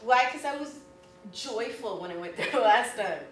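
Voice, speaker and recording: A woman teaching artist talking casually and exuberantly about her career, with lots of animated exclamations. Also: a little high, normal speed, soft background music. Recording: echoey room from a distance.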